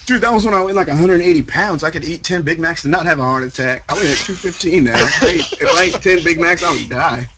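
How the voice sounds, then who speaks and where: A man co-hosting a podcast over a voice call, loud and joking. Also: a little high, fast, few pauses, noisy background. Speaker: podcast co-host. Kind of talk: casual chat.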